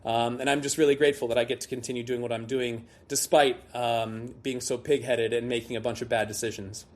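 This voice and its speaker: A middle-aged male guest, the founder of a liqueur brand, tells a long, self-deprecating story, rambling casually and restarting many times. His mid-range voice stays fairly flat in pitch and moves at a fairly quick clip.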